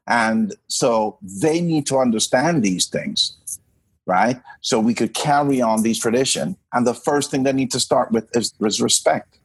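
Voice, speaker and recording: A man's voice: mid-range voice, a little slow, slightly rough, no echo. A man from Jamaica co-hosting a podcast, talking in an emphatic casual way and often restarting his words. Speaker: podcast co-host. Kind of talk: casual chat.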